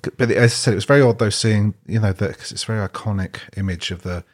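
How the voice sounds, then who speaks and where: A man with a deep voice, talking casually on a podcast. He speaks hesitantly and fills his sentences with ums and pauses. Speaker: podcast co-host.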